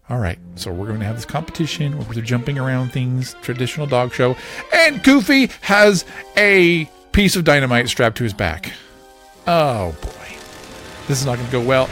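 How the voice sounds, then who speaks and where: A man's voice: mid-range voice, soft background music. A man hosting a podcast, animatedly retelling a cartoon episode to his child and laughing often. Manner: animated, laughs often, quick voice swings for quoted characters. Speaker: podcast host.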